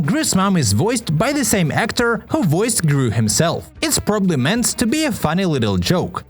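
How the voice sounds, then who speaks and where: High-ish guy doing wry scripted commentary, voice jumps all over, music under it. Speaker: video essayist. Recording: light music bed behind voice.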